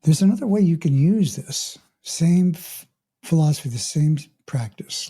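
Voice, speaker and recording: A middle-aged man, a mindfulness coach hosting a podcast, telling a story in a calm, unhurried way and often clearing his throat. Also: on the high side. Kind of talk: reflective podcast monologue with a story.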